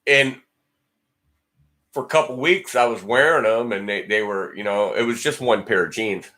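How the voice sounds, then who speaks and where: A man hosts a casual livestream and rambles from one story to the next. His voice sits low but has a bright, forceful edge. He answers viewer comments with blunt jokes. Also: normal speed. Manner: rambling, chatty, talks back to viewer comments; joking and blunt. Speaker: guitar channel host.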